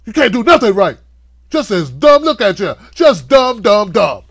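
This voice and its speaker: A man putting on the voice of a nasty female boss who yells insults at her staff and then turns sugary sweet. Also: very high-pitched, expressive, normal speed, dry recording, clean studio sound, pitched above the performer's own voice. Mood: yelling, contemptuous.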